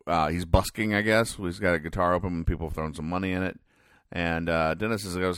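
A man's voice: low voice, steady tone, a bit bright, clear, resonant tone, dry recording, clean studio sound. A man hosting a comedy podcast, reading newspaper comics aloud and explaining the jokes in a sarcastic, mock-serious way. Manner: sarcastic, mock-serious explanations, quick voices for quoted characters.

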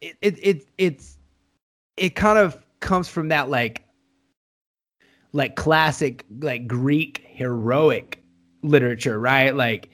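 A man's voice: mid-range voice, slow, pauses often, a bit bright. A man co-hosting a casual podcast, rambling through his points with many "like"s and restarts and laughing often. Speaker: podcast co-host. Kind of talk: casual chat.

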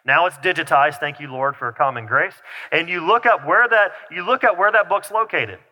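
A man's voice: on the high side, normal speed, highs cut off. A man preaching a sermon as pastor, talking conversationally with restarts and asides. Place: church sanctuary. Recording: long reverb of a large hall.

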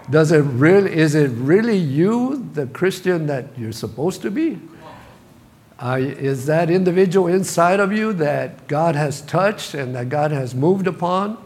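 A man's voice: a little high, lively intonation, measured pace, a little mellow. A middle-aged man, the senior pastor, preaching a sermon in a church, building to bursts of emphasis with touches of humor. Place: church sanctuary.

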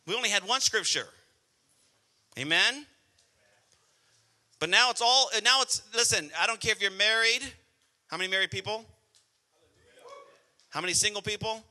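A middle-aged male pastor preaching a sermon, swinging between soft prayer and loud exhortation. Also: sits high, moderate pace, long pauses. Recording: music playing behind the voice.

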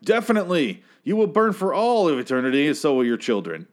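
A man's voice: medium pitch, wildly swooping pitch, fairly quick. A man voicing a smug stranger who pushily preaches hellfire in a sing-song, certain way. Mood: preachy.

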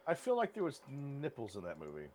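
A man's voice: medium pitch, wildly swooping pitch, a little fast, darkish tone. A man co-hosting a podcast, talking in casual, blunt and irreverent banter. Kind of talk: casual chat.

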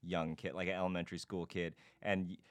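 A young man tells everyday anecdotes in a low voice. He gets lively whenever he quotes someone. The sound is dry and close. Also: fast talker, no echo. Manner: storytelling, animated when quoting. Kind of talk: casual chat.

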